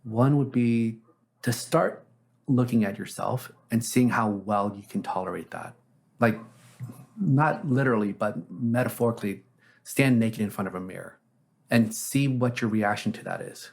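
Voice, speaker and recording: A man's voice: on the low side, normal speed, vocal fry. A man, a therapist, telling anecdotes as an interview guest in a casual, reflective way with frequent fillers.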